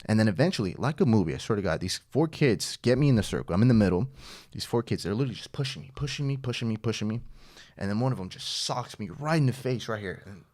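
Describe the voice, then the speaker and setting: A man, a podcast guest, telling an animated story in casual chat, swearing and laughing along the way. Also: lowish voice, fast talker.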